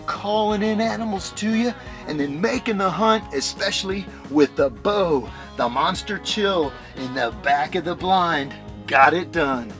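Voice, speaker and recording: Excited man narrating an outdoor hunt. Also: high-pitched. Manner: excited, at times hushed. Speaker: hunting show host. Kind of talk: outdoor hunting commentary. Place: outdoors in the field.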